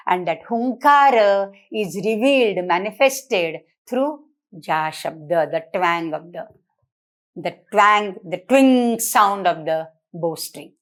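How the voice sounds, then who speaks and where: A woman professor with an Indian English accent gives an explanatory lecture on classical verse. She recites lines, then unpacks them with frequent rhetorical questions like "you know?" Her pitch sits in a moderate middle range. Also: lively intonation, slow. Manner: explanatory, asks rhetorical questions, switches into Hindi and Marathi. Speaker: professor lecturing on Sanskrit drama. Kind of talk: academic lecture.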